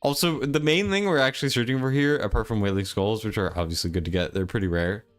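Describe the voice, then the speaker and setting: A young man casually talking through a game stream in a low-key, near-monotone way, reading chat aloud. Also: quick pace, soft background music. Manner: laid-back, mumbling, reads chat aloud.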